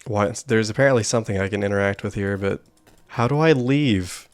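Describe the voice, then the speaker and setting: A man's voice: lowish voice, brisk. A young man streaming a horror game, giving casual, wry commentary and joking about what happens on screen.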